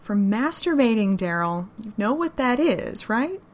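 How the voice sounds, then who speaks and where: A woman's voice: a little high, big pitch swings, measured pace, pitched above the performer's own voice. A woman voicing a sweet but cheeky young Southern woman who teases playfully. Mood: teasing.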